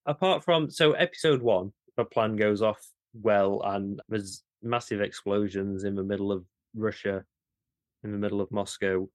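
A low-voiced man chats on a podcast, animated and incredulous. His voice is dry and close, with no room sound. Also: no echo. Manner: animated, quick, swearing, incredulous. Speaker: podcast co-host. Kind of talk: casual chat.

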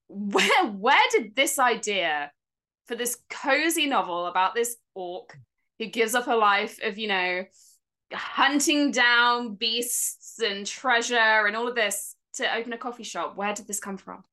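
English woman host, bright lively voice, gushing fan energy. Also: fairly high pitch, a little slow. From England. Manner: gushing, enthusiastic, giggly. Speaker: podcast host. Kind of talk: casual interview chat.

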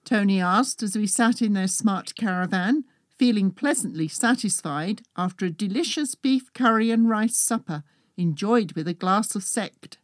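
Woman reading her memoir, steady measured pace, dry close mic. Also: medium pitch, dry recording. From England. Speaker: author and narrator.

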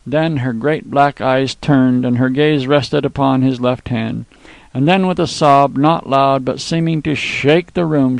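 A man narrating a classic short story in a measured, steady way. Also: mid-range voice, vocal fry, no echo.

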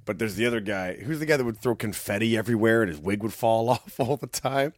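A man's voice: on the low side, fast, no room sound, studio quality. A man co-hosting a podcast in casual chat, rambling and laughing often. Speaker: podcast co-host.

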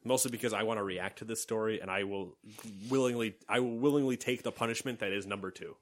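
A deep-voiced man co-hosting a casual podcast, telling stories animatedly, acting out quotes and laughing often. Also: fast talker. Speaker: podcast co-host.

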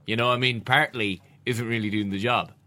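A man's voice: mid-range voice, fairly even intonation, a little fast, sharp tone, faint music behind. An Irish man co-hosting a podcast, cracking wry jokes in casual banter. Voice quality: wry, quipping. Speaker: podcast co-host.

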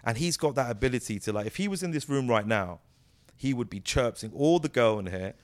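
A man, a guest chatting in an interview, telling animated stories with restarts and bursts of impressions. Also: medium pitch, brisk. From United Kingdom. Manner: animated storyteller, breaks into impressions, many restarts. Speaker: interview guest, comedic actor. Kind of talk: casual conversational interview.

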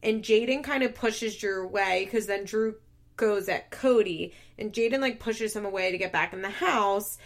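A woman recapping events in a loose, chatty way, filling her talk with filler words and breaking into laughs. Her storytelling is lively and animated, and her voice sits at an ordinary pitch for a woman. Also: normal speed. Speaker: show recapper.

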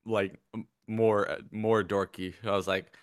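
A man's voice: on the low side, level tone, measured pace. A man co-hosting a podcast who rambles through jokes with restarts and laughs often. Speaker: podcast co-host. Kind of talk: casual podcast chat.

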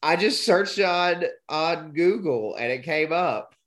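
A man's voice: fairly high pitch, animated, takes it slowly, fairly bright tone. A man hosting a podcast in casual chat, rambling and joking, often restarting his words. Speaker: podcast host.

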